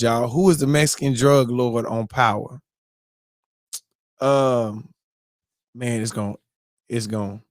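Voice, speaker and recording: A man hosting a morning show, telling a story in a lively, excitable way and acting out his own reactions. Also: mid-range voice, no echo, clean studio sound. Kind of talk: animated casual storytelling.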